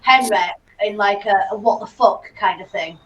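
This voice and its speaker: A woman's voice: mid-range voice, normal speed. Woman player on a distant, roomy mic. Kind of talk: playing a tabletop game over voice chat. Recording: roomy, distant, dull mic with faint hiss.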